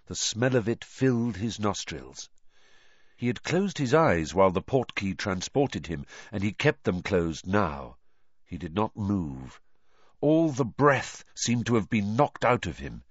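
A male narrator reading a novel aloud with a lively, rising and falling delivery and a dramatic storytelling manner. The recording is dry and a touch dull, like a home studio audiobook. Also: lowish voice, dry recording.

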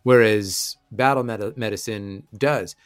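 A man's voice: on the low side, a little slow. A man acting as game master who explains the rules and thinks aloud. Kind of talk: narrating a tabletop game.

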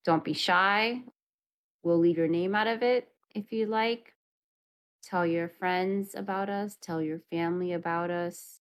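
A woman's voice: fairly low pitch, fairly even intonation, unhurried. A woman co-hosting a podcast, chatting casually and reading the show's sign-off. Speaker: podcast co-host. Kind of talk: casual chat.

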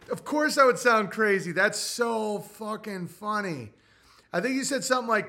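A man streaming casually, profane and excitable, laughing often as he reacts to his chat. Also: high-pitched, normal speed. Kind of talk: casual stream chat, reading viewer messages.

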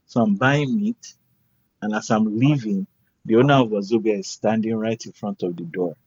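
A man's voice: on the low side, moderate pace, slightly rough, dry recording. A man, a guest artist, telling a story casually and acting out the people in it. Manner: animated, acts out quoted voices. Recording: dull lo-fi recording.

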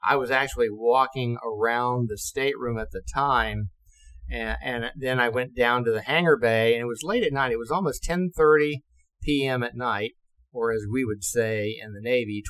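A man's voice: mid-range voice, low-quality recording. Older man telling navy stories. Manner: lively, acts out quotes, swears and laughs. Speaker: retired navy officer. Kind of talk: casual storytelling.

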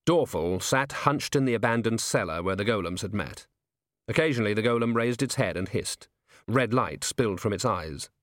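A man narrating an audiobook in a measured, even storytelling manner. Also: lowish voice, dry recording. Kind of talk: scripted narration. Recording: dry close studio read.

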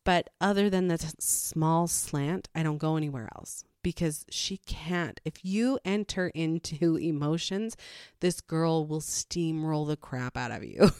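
A woman's voice: low voice, a little slow, clear, resonant tone, no echo, clean studio sound. A woman, a mother, giving frank, matter-of-fact parenting advice in a casual talk. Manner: frank, matter-of-fact, with animated quoted asides. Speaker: parenting vlogger.

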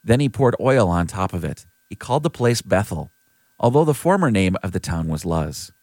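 Brief: steady male scripture reader, expressive low voice, dry studio sound. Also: moderate pace, no room sound. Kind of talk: scripted Bible reading.

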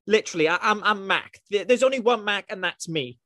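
A man's voice: high-pitched, brisk, pushed and bright. A man from England hosting a casual podcast, chatty and jokey, poking fun at himself. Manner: chatty, jokey, self-deprecating. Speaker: podcast host.

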